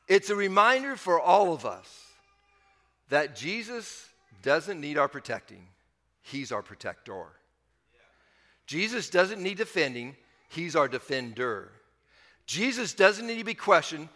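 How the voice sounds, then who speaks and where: A male pastor with a high, bright voice delivers a conversational sermon, climbing up on key points and sinking low to close each thought. The sound trails off in a long hall reverb. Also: expressive, moderate pace. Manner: conversational preaching, rising with emphasis then dropping low.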